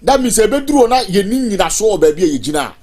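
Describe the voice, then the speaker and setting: A TV host with a Ghanaian accent, talking in a lively way and putting prodding questions, switching between English and Twi. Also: mid-range voice, rapid-fire.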